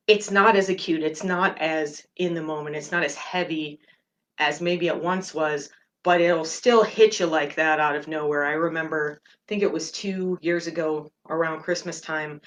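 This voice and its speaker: A middle-aged woman hosting a meditation podcast, talking gently and candidly about her feelings. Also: deep voice, steady tone, normal speed. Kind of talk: personal reflective talk.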